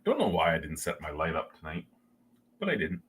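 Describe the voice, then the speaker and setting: A man's voice: deep voice, wildly swooping pitch, fairly quick, a bit bright, husky. A man hosting a casual beer review livestream from home, rambling and joking crudely with his chat.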